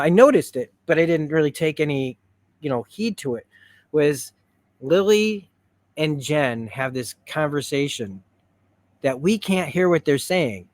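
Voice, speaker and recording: A man reviewing a TV episode in a rambling, excitable way, retelling scenes as he goes. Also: a little high. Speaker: show reviewer. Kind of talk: stream-of-consciousness review.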